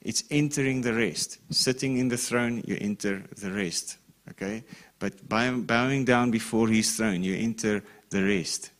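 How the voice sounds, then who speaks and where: A man's voice: lowish voice, unhurried. A man preaching a sermon in a conversational way, reading scripture aloud and often checking in with the listeners. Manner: reads scripture with rising emphasis. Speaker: pastor.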